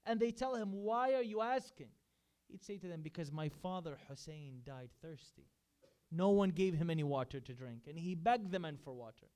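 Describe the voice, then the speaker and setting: A man delivers a sermon at a religious gathering, earnestly telling stories and quoting the people in them. His voice sits high and rings clean and resonant. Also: moderate pace, darkish tone, clear, resonant tone. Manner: earnest, recounts stories with quoted speech. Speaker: majlis speaker. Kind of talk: sermon storytelling. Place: religious center hall.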